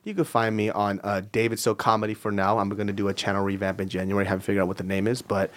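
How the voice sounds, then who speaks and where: A man guest on a comedy podcast, telling animated stories with bursts of laughter and casual swearing. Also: lowish voice, quick pace. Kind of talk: casual chat.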